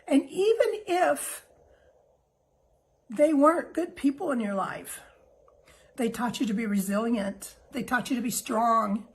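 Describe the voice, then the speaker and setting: A middle-aged woman talks straight to her listeners in a heartfelt monologue, her somewhat high voice soft and reassuring. She takes her time, leaving long pauses between thoughts. She sounds emotional and close to tears. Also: animated, low-quality recording. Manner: gentle, unhurried, reassuring. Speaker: host.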